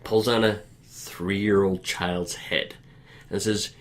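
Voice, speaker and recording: A man with a lowish voice talks casually on a podcast. He is easygoing and explanatory, walking through news stories. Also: steady tone, slow pace. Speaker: podcast host. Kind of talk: casual conversational chat.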